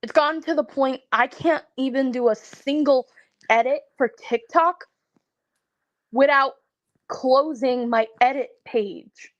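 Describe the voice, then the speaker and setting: A woman in her twenties venting to viewers in a casual way, tired and stressed, halting and stammering as she restarts her sentences. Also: high voice, no room sound, lo-fi sound. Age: 20s. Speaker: content creator.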